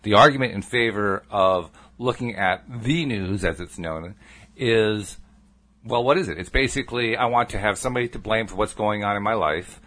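A man hosting a podcast who steers the conversation back to the topic in a thoughtful, measured way. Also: fairly low pitch, a bit bright. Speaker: podcast host. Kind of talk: casual conversation.

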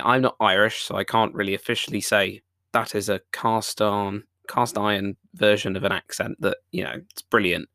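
Chatty low-voiced man. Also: fairly bright tone, no room sound, studio quality. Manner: chatty and enthusiastic, frequent "uh" fillers. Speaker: podcast host. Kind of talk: casual film review monologue.

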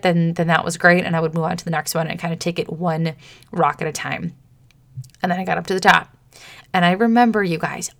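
A woman's voice: mid-range voice, creaky. Chatty woman podcast coach. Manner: chatty and animated, acting out her own inner voice. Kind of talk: casual solo podcast talk.

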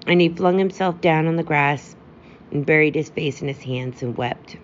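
A woman narrates a fairy tale in a steady, gentle way, her voice low for a woman. The recording is dull and lo-fi, with a faint hiss underneath. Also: moderate pace. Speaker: audiobook reader.

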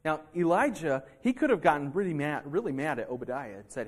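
A man's voice: fairly high pitch, a little fast, hardly any pauses. A male pastor delivering a sermon in a church, acting out heated arguments between people. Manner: animated preaching, acting out heated quotes. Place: church sanctuary.

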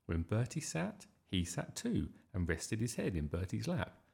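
Slow, gravelly man reading a storybook. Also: on the low side. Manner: lively, expressive. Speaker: storybook reader. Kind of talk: children's story read aloud.

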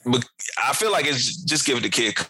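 A man in casual conversation reviewing an album, animated, laughing often and talking in loose slang. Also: medium pitch, brisk, breathy edge, no echo, poor audio. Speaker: podcast co-host. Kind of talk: casual music review chat.

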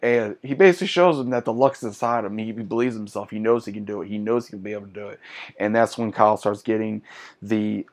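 Enthusiastic low-voiced man reviewing movies. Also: fast. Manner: enthusiastic, chatty. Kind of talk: casual video review.

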